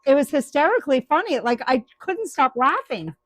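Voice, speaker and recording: A woman's voice: high voice, sing-song, fairly quick, a bit bright, dry recording. An older woman vlogger chatting casually to her viewers, laughing often as she tells a story. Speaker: woodturning vlogger. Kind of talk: casual chat to camera.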